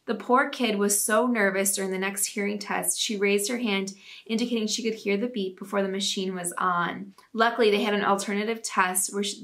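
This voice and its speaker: Bright, upbeat woman podcast host. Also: mid-range voice, creaky. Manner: laughing, upbeat, chatty. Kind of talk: reading listener stories aloud.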